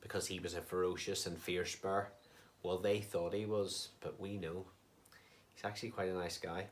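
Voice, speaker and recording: A man's voice: low voice, little pitch movement, moderate pace. A man teaching a recorded online lesson to young children, patient and sing-song, with questions that rise at the end. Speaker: primary school teacher.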